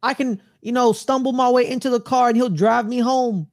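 A man's voice: very high voice, steady tone, moderate pace, no room sound, studio quality. A man co-hosting a sports podcast, ranting in a loose, slangy way and repeating himself. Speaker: podcast co-host. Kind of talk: casual sports chat.

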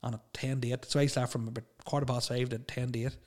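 A man telling a rambling, animated story in casual chat, laughing and swearing as he goes. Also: medium pitch, fast. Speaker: podcast guest telling stories.

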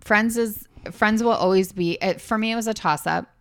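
Gravelly middle-aged woman chatting. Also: medium pitch, normal speed, no echo, clean studio sound. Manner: chatty, rambling, laughs often. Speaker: podcast co-host. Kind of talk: casual chat. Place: podcast room.

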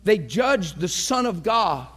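A man delivers an impassioned sermon in a high, sing-song voice at a slow pace. He swings from fervent near-shouting to hushed, earnest appeals and acts out the voices of a crowd.

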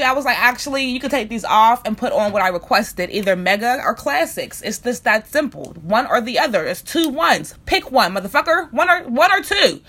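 A woman's voice: on the high side, very animated, moderate pace, few pauses, sharp tone. A young woman telling an angry, profane storytime rant about a bad salon visit. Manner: profane, heated, repetitive rant.

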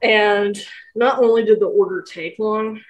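A woman's voice: medium pitch, fairly even intonation, measured pace, lo-fi sound. A young woman co-hosting a podcast in casual chat, candid and laughing, swearing now and then. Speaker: podcast co-host.

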